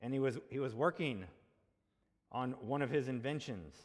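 A man preaches at normal speed with a medium-pitched voice, addressing the congregation conversationally through rhetorical questions and check-ins. A long hall reverb colors the recording.

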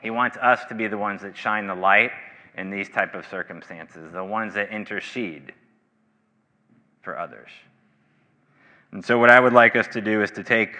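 A low-voiced male pastor delivering a sermon with a very bright, forceful edge to his tone. He presses hard on key phrases, then sinks into hushed, low stretches. The sound carries a long reverb from the hall around him. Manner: earnest, rising to emphatic bursts then dropping low.

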